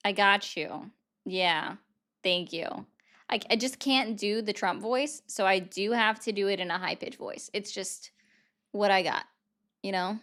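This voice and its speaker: A woman's voice: medium pitch, unhurried, a bit bright. Chatty woman hosting a live stream. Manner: chatty, self-deprecating, rambling. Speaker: livestream host taking callers. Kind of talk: casual livestream chat.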